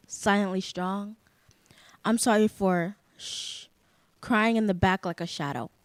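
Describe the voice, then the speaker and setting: A teenage girl, a high school senior, reciting a spoken word poem in a measured, soft-spoken way. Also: dry recording. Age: teens. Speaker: youth poet.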